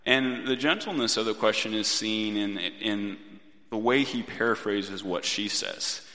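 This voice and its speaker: A man's voice: on the low side, unhurried. Man preaching in a reverberant hall. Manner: gentle, reflective preaching with restarts. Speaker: pastor. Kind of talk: sermon. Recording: long reverb of a church hall.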